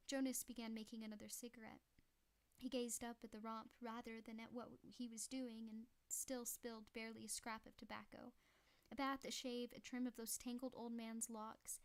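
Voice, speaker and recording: A woman reading a novel aloud at home, her voice sitting a little high. She narrates steadily and breaks off now and then to chat and apologize to her listeners. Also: little pitch movement, moderate pace. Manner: apologetic, chatty asides. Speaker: audiobook reader.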